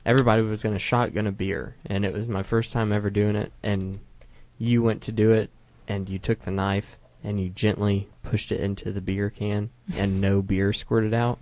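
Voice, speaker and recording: Low-voiced man telling rambling stories. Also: flat delivery, moderate pace, hardly any pauses, darkish tone. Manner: rambling storyteller. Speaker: podcast co-host. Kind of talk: casual chat. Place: home.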